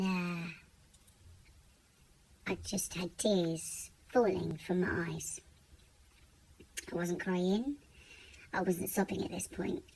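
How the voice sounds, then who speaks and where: A woman telling a painful personal story in a vlog, halting and often repeating her words. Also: on the low side, darkish tone, a little hiss or hum. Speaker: vlogger.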